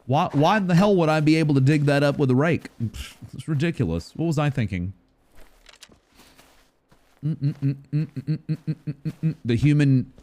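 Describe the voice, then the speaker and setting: A man streaming a video game live, chatting playfully and rambling, sometimes loud and sometimes mumbling. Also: on the high side. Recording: faint music behind the voice.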